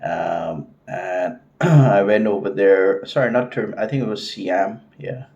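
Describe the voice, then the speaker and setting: A man's voice: on the low side, slow, vocal fry, a little mellow, dull audio. A middle-aged man talking casually to camera, rambling with lots of fillers and restarts. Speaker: vlogger.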